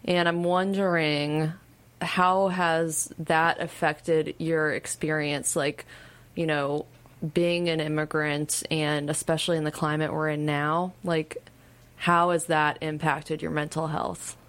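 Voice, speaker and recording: Playful lower-pitched woman podcast host. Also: flat delivery, slow pace. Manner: playful, jokey, easygoing. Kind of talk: casual chat.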